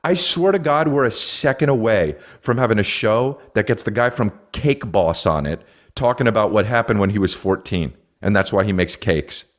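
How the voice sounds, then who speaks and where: A man in his thirties hosting a podcast, ranting comedically with lots of swearing and quick put-on voices. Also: fairly low pitch. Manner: profane, animated, acts out silly voices. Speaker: podcast host. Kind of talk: comedic rant.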